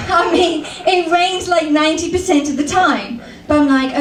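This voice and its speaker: A woman's voice: very high-pitched, normal speed, hardly any pauses. A British woman doing a chatty, self-mocking stand-up comedy set with frequent ums. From Britain. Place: comedy club stage. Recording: echoey club, mic at a distance, faint room noise.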